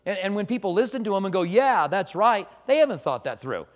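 Pastor guy giving a bible study sermon, kinda high voice, chatty then punchy, big echoey hall. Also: sing-song, very fast. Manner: conversational, swings between soft and emphatic. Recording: long hall reverb.

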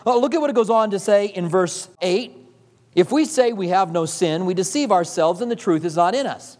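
A middle-aged male pastor preaching a sermon, telling stories and acting out voices of the people in them. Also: high-pitched. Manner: storytelling, acts out voices, laughs often. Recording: long reverb of a large hall.

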